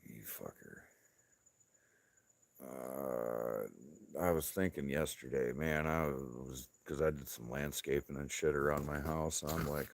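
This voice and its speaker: A man's voice: a bass voice, measured pace, vocal fry, dry recording. A man, likely in his thirties, chatting casually on his own show, swearing a lot, laughing often and keeping a laid-back manner. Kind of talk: casual profane chat.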